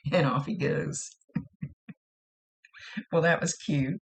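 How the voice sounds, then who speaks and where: Gravelly-voiced woman giving a gentle psychic reading. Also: low voice. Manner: gentle, reassuring, repeats herself often. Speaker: psychic medium. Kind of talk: spoken psychic reading addressed to a viewer.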